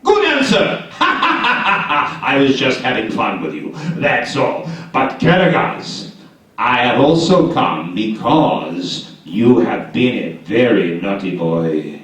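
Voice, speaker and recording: Man doing a teasing jinn spirit, shadow puppet show, very slow delivery, lively pitch, echoey hall from far off. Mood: menacing. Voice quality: slow, deliberate, teasing menace. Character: slow, ominous male jinn spirit who toys with people. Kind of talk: live shadow puppet theater. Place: large echoey library hall, live show.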